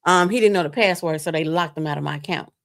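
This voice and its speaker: Gravelly-voiced woman telling a hard story. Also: low-pitched, fast talker. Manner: animated, acts out quoted voices, addresses listeners as "you all". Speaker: guest sharing a testimony. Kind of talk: emotional personal storytelling. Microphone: remote stream mic.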